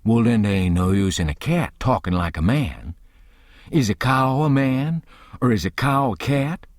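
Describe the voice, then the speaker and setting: A man reading an audiobook and voicing a stubborn, earnest grown man who argues slowly and insistently in thick folksy dialect. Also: mid-range voice, expressive, no echo, clean studio sound, close to an everyday voice. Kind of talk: audiobook character voice.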